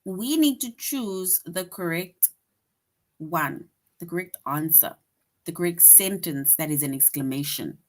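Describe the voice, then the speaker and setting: A woman with a fairly low-pitched voice teaches young children in an online grade-school lesson, speaking at an unhurried, deliberate pace. She is patient, repeats herself, keeps asking "right?", and reads example sentences aloud with lively bursts of expression.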